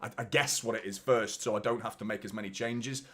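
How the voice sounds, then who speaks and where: A man's voice: lowish voice, fairly even intonation, fairly quick, a bit bright. A man hosting a live football watchalong stream, chatting casually and swearing, talking straight to his viewers and reading out their messages.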